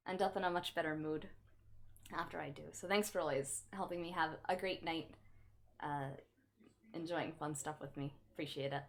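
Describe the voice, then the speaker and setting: A woman livestreamer chatting casually with her chat in a playful, teasing, mock-offended way. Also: on the low side.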